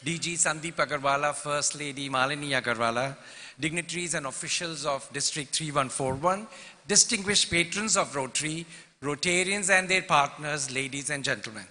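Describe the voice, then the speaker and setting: A man's voice: fairly high pitch, normal speed, pushed and bright. A man, a club president giving a formal welcome address and reading prepared remarks. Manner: formal, lists dignitaries, reads prepared remarks. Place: large convention hall. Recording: long reverb from a large hall.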